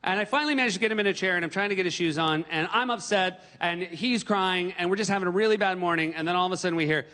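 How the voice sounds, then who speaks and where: Bright-voiced man doing stand-up. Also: high-pitched, racing, few pauses. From New Hampshire, USA. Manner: animated, breaks into yelled impressions. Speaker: comedian. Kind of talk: stand-up comedy. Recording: stage mic in a reverberant hall.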